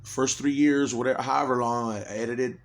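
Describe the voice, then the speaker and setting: A man's voice: medium pitch, fairly even intonation, moderate pace. A man in an agitated, rambling personal monologue, swearing heavily and restarting his sentences often.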